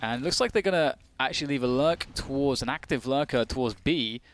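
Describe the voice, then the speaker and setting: A man's voice: medium pitch, a little fast. A man giving chatty color commentary on an esports match, thinking aloud as he analyses the play.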